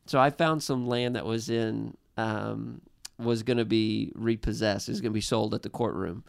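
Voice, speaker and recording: A man in his thirties earnestly telling a personal family story, halting with frequent restarts. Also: on the low side, steady tone, vocal fry, no echo, studio quality. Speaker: guest. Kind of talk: personal storytelling in a podcast chat.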